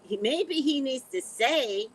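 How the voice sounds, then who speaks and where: Slow-talking sassy lady on her channel, kinda high voice, real blunt. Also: rough recording. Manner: animated, drawn-out, repeats "you know". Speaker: vlogger. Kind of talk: casual chat to camera.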